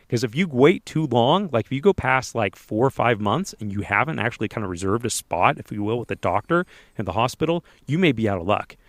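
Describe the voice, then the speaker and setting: A man co-hosting a podcast, telling a lively personal anecdote in a casual way. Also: medium pitch, no room sound, clean studio sound. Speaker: podcast co-host telling a story. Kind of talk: casual storytelling.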